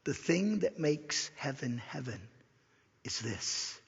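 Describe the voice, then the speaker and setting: Male pastor, sermon delivery, raspy and gravelly, dull lo-fi sound, slows and whispers on key points. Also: mid-range voice, big pitch swings. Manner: repeats key lines slowly for emphasis, drops to a whisper. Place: church sanctuary. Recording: dull lo-fi recording in a reverberant church hall.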